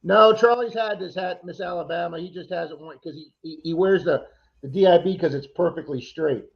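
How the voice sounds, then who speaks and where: A man's voice: sits high, brisk, vocal fry, dull audio. A man co-hosting a casual livestream, chatty and teasing as he reads out viewer names. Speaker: livestream co-host.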